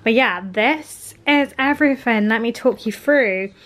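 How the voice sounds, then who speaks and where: Chatty woman with a high voice. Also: measured pace, a bit bright. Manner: chatty, talking the viewer through her day. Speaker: vlogger. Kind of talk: casual vlog chat. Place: home kitchen, indoors. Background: household appliances humming.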